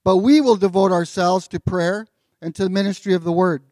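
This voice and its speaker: A pastor giving a sermon in a relaxed, conversational way, with filler words and joking asides, as he reads and explains scripture. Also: sits high, a little fast, no echo, studio quality.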